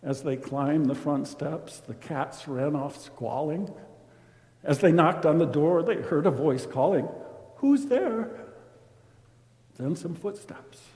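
A man reading a rhyming story aloud, expressive and dramatic. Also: on the high side, a little slow. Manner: expressive, dramatic swings in loudness. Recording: roomy with long reverb.

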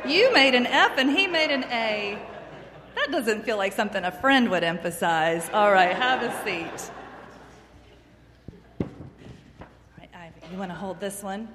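A woman teaching a class of children, gentle and encouraging, asking them questions as she goes. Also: mid-range voice, animated, measured pace, long pauses. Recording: echoey room, faint background noise.

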